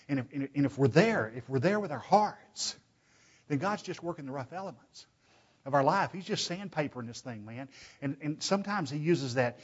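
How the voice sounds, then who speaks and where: Male preacher, pitched a bit high, emphatic, rhetorical questions, husky voice. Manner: emphatic, shifts from loud urging to hushed pleading; addresses listeners as brethren, asks rhetorical questions. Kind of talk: sermon. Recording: dull, lo-fi recording.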